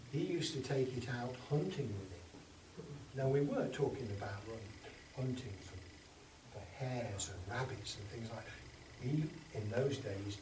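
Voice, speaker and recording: An English man tells a folk tale at an unhurried pace, swinging from hushed whispers to bold rises. His voice is mid-pitched and carries from a distance across a reverberant room. Steady background noise sits under the telling. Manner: dramatic, dropping to whispers and rising for effect. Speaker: storyteller. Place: storytelling event. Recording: roomy sound from far off with background noise.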